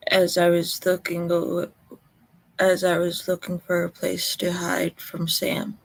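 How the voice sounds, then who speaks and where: A woman from Colorado, telling a personal story in a halting way, close to tears. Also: lowish voice, completely flat delivery, vocal fry. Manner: slow, halting, emotional recollection.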